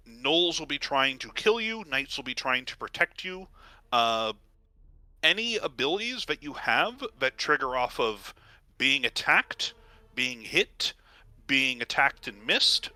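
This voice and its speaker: A man's voice: mid-range voice, pushed and bright, dry recording. A man acting as game master, explaining the rules to his players in a loose, conversational way with many "uh" fillers.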